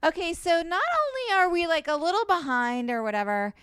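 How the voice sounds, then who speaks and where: A woman's voice: very high-pitched, very animated, fairly quick, fairly bright tone, no room sound, studio quality. A woman co-hosting a podcast at home, chatting animatedly with lots of fillers. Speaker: podcast co-host. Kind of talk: casual chat. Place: home, indoors.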